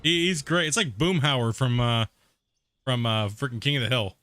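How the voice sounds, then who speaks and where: A man's voice: mid-range voice, fairly quick, bright, forceful tone, no room sound. Casual streamer guy, rambling gamer chat, dry close mic. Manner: chatty, rambling, laughs often, says "dude". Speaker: gaming streamer. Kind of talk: casual let's-play commentary.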